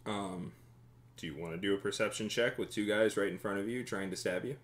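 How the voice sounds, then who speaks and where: A man's voice: fairly low pitch, fairly quick, fairly bright tone. A man running a tabletop game as game master, narrating combat vividly and explaining rules.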